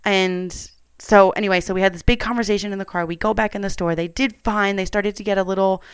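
Women in her 30s, candid home storyteller; smooth clear tone, close and dry sound, easygoing chatty delivery. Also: mid-range voice, fairly even intonation, fast talker, no echo. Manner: candid, chatty, with many fillers. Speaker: mother sharing a personal story. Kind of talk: casual personal storytelling.

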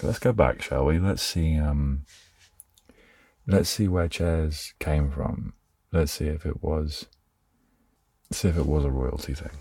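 A young man hosting a sleepy podcast, rambling softly and trailing off. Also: rumbling low, steady tone, takes it slowly, long pauses, slightly rough, dry recording, studio quality. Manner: meandering, soft-spoken, trails off. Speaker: podcast host.

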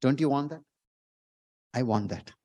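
A man preaching a sermon as pastor, emphatic, repeating words and rising to loud exclamations. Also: medium pitch, measured pace, dry recording.

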